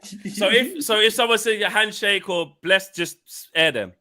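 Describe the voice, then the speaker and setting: A man's voice: high-pitched, moderate pace, sharp tone. A man hosting a heated casual football fan panel, talking over others and laughing often. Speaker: host.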